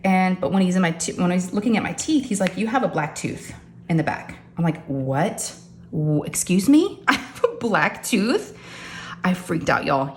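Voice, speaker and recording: Woman, middle-aged, casual chatty vlog, animated, slightly low voice, faint room noise. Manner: chatty, animated, addresses viewers as y'all. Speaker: crafting vlogger. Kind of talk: casual storytelling chat. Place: home craft room. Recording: echoey room with faint ambience.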